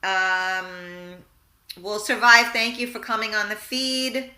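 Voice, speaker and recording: Speaking slowly in a mid-range voice, a woman runs a live internet radio show with a reverberant sound. She discusses positive thinking frankly and animatedly, reading listener comments and acting out small scenes.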